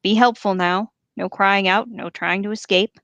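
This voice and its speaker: A woman voicing a gruff male orc captain who barks harsh, impatient orders in a storybook reading. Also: medium pitch, fairly even intonation, moderate pace, a bit bright, no room sound, dull audio, natural voice. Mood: commanding.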